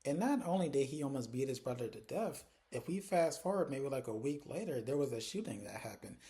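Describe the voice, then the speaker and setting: A young man casually recapping a TV episode, chatty and animated as he tells the story. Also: medium pitch, a little fast. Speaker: TV episode reviewer. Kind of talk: casual recap with acted quotes.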